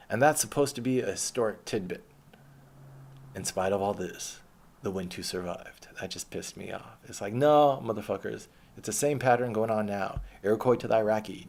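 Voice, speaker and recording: Gravelly-voiced man ranting sarcastically. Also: on the low side. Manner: profane, sarcastic, rambling rant with sudden swings from loud to muttered. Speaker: vlogger. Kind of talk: ranting monologue to camera.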